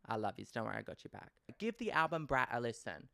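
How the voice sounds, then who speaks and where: An Australian man hosting a casual solo podcast, talking in an animated, playfully dramatic way and swearing freely. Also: medium pitch, fast talker, creaky, dry recording, studio quality. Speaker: podcast host.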